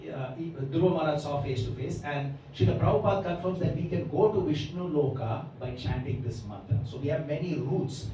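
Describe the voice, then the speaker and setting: A man's voice: a little high, a little fast, hardly any pauses, mellow, slight background noise. A man giving a devotional scripture lecture, explaining at length and often checking in with his listeners. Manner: explanatory, often checks in with the audience by asking "right?". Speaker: Bhagavatam class lecturer. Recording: echoey hall, mic far off.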